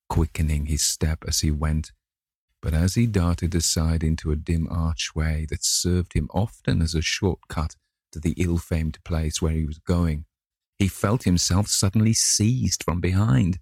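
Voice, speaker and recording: A man narrating a classic novel in a measured, dramatic reading. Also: extremely low pitch, darkish tone, husky, no echo, studio quality. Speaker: audiobook narrator.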